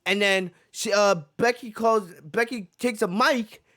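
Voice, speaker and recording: A man with a notably high voice vents on his podcast in a rambling, heated rant. He repeats his points and stumbles over restarts as his frustration builds. The sound is dry and close, with no room echo. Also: unhurried, sharp tone. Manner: frustrated, repeats himself, many fillers. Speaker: wrestling podcast host. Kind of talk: ranting reaction commentary.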